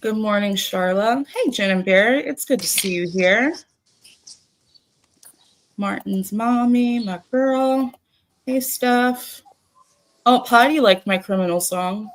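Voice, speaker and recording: Slow-talking woman host. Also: medium pitch. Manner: swears casually, laughs often. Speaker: livestream host. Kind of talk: casual live chat, greeting viewers.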